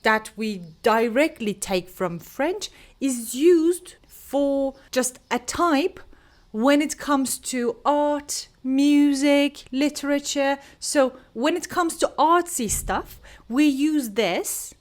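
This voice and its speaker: With a voice that sits high, a young woman from Turkey teaches English pronunciation to the camera at an unhurried pace. Each word gets an explanation and example sentences.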